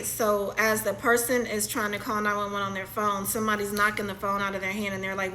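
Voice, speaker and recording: Bright-voiced woman narrating a vision. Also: medium pitch, little pitch movement, a little hiss or hum, low-quality recording. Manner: halting, repeats phrases, checks in with "okay?". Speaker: spiritual channeler. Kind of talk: channeled reading, narrating a vision.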